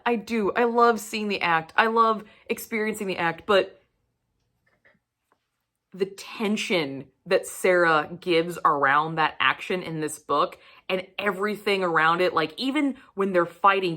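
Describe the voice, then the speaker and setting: Bright-voiced gushing woman book vlogger. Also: low-pitched. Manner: gushing and animated, with frequent swearing. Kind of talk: casual book review chat.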